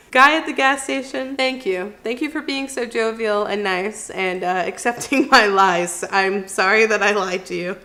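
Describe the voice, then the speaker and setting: A woman's voice: on the high side, moderate pace, few pauses, bright, forceful tone. A woman vlogger telling true stories in a chatty, casual way, laughing often and acting out the voices of others. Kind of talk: casual storytime.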